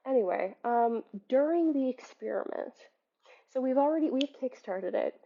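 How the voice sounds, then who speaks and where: A young woman with a fairly high voice talks through a book in a casual video essay, sarcastic and exasperated, breaking into laughter at her own asides. The sound is a little dull and lo-fi. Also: expressive, moderate pace, creaky, dark tone. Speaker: book reviewer. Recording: slightly muffled lo-fi audio.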